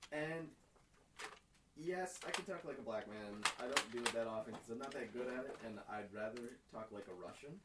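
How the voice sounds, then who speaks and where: A man's voice: mid-range voice, normal speed. A young man hosting a casual podcast chat, joking and laughing often. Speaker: podcast host. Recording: echoey room, distant mic, noisy.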